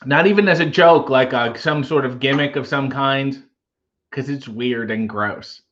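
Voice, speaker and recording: A man's voice: mid-range voice, unhurried, a bit bright, muffled recording. A man hosting a casual livestream, reading viewer comments aloud and riffing on them with wry humor. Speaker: livestream host reading chat.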